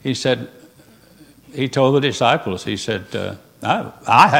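A man preaching a sermon in a folksy, conversational way. He keeps raising his listeners' imagined doubts and fires back rhetorical questions. He quotes old King James scripture. His voice sits at an ordinary male pitch. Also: unhurried, vocal fry, fairly bright tone.

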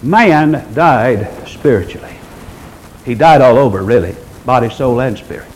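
A man preaching a sermon, reading scripture aloud and swinging between forceful emphasis and low hushed passages. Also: animated, a little slow, a little hiss or hum, low-quality recording. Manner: reads scripture in King James wording.

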